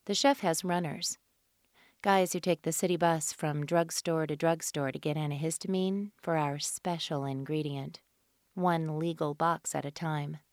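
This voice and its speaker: A woman audiobook narrator reading scripted fiction in a measured, even delivery into a studio microphone. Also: sits low, no echo.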